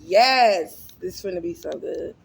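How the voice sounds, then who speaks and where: Expressive and creaky, this woman's lowish voice keeps a measured pace against slight background noise. As a mukbang vlogger she chats casually with her audience between bites, smacking her lips and humming while she eats.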